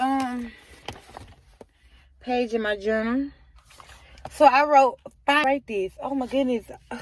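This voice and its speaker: A woman's voice: high voice, slight background noise. A young woman vlogging to her viewers from inside her car, chatty and openly emotional as she talks to them directly. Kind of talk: casual chat to camera.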